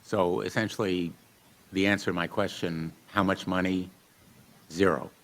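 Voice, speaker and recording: Deep-voiced senator pressing witnesses. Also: male voice, steady tone, normal speed. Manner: pointed, insistent questioning. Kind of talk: formal hearing questioning. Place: hearing room.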